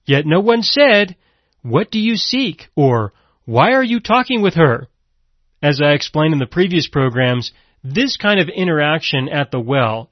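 A man's voice: fairly high pitch, dry recording. A man preaching a broadcast Bible-teaching sermon, emphatic and repeating key phrases for weight. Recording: dull, lo-fi and dry.

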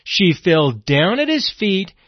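A man's voice: sits high, big pitch swings, takes it slowly, no room sound. A man preaching an expository sermon, reading scripture aloud and explaining it, sometimes voicing the people in the story with dramatic emphasis. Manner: dramatic, voices the grieving sisters' accusations. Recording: dull lo-fi, dry.

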